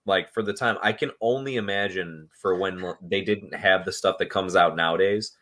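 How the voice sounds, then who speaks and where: A man with a lowish voice talks through his thoughts on a film podcast. He rambles, trails off with ums and restarts his sentences. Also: normal speed, fairly bright tone. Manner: rambling, hesitant with frequent ums. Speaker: podcast panelist. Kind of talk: casual chat.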